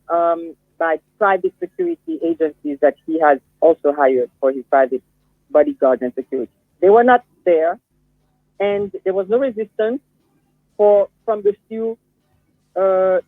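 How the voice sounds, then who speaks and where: A woman, a guest commentator, giving a measured explanation with frequent fillers in a phone-in discussion. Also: medium pitch, expressive, dry recording, faint music behind. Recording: tinny, dry phone line.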